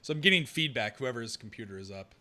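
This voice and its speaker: A man's voice: medium pitch, lively intonation, fast, bright, forceful tone. A man hosting a live-streamed podcast, chatting casually and sorting out technical trouble aloud. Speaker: podcast host.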